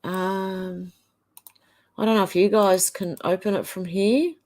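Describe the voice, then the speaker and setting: Here a woman with a medium-pitched, slightly mellow voice speaks slowly and steadily. She's an Australian livestream host going through viewer comments aloud, one after another, with offhand comments of her own.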